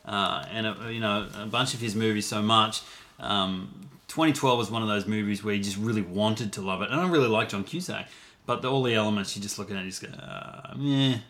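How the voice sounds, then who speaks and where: A man's voice: on the low side, quick pace, fairly bright tone. A man co-hosts a casual film podcast. He talks playfully, laughs a lot, and stumbles through fillers between his thoughts. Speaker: podcast co-host. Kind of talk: casual chat about movies.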